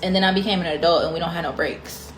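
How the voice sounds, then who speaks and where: A woman's voice: lowish voice, fast. A woman delivers a casual rant to camera, her tone irritated and full of rhetorical questions. The room around her is roomy and echoey, with a faint hiss underneath.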